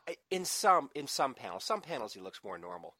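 A man's voice: mid-range voice, sing-song, a little fast, bright, forceful tone, dry recording. A man co-hosting a podcast, chatting casually and rambling with restarts and laughter. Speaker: podcast co-host. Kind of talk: casual chat.

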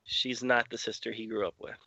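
A man's voice: medium pitch, flat delivery, brisk, gravelly, sharp tone, husky, no echo, muffled recording. A man retelling a comic book story and then chatting about it with friends on a podcast. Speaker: podcast co-host. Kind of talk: comic book recap and discussion.

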